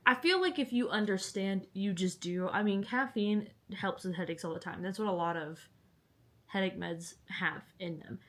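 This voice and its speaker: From indoors at home, a young woman book vlogger rambles giggly and casual to the camera about books. Her voice is mid-range and her pace moderate.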